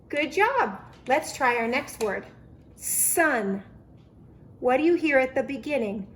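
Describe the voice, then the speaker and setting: High-voiced, slow-talking preschool teacher. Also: female voice, lively intonation, fairly bright tone. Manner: slow, clear, encouraging. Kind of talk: teaching a preschool lesson and reading aloud.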